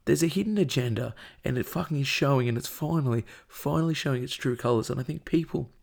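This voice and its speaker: Angry, gravelly-voiced Australian man ranting. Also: medium pitch, fast, darkish tone. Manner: angry, profane and emotional, with repeated outbursts. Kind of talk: heated commentary rant.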